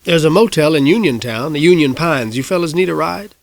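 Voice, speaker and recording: A man's voice: on the high side, expressive, fairly quick, creaky, no echo, pitched above the performer's own voice. A man reading an audiobook, voicing a plain, friendly small-town father.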